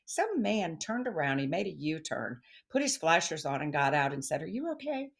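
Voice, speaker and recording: Middle-aged lady telling stories in an interview, lowish voice, acts out the quotes. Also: lively intonation, normal speed, vocal fry, breathy edge. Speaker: guest, stress expert. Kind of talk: casual interview chat.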